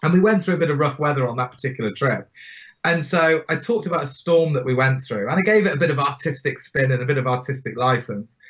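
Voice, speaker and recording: A man in his forties, guest on an interview podcast, telling his stories in an animated, emphatic way. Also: mid-range voice, quick pace. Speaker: guest speaker. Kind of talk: storytelling interview. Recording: dull lo-fi sound.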